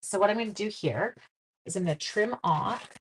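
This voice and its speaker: A middle-aged woman hosts a casual craft live stream in a chatty, easygoing way. Her voice sits at a medium pitch. She talks viewers through each step and greets them by name as she goes. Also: normal speed, breathy edge. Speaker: stamping demonstrator and live stream host.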